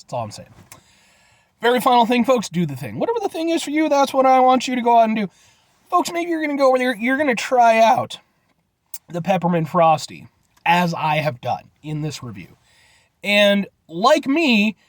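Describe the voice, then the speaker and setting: Animated, chatty man reviewing food. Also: high voice, no room sound. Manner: rambling, jokey, folksy sign-off addressing "folks". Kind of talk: casual vlog review.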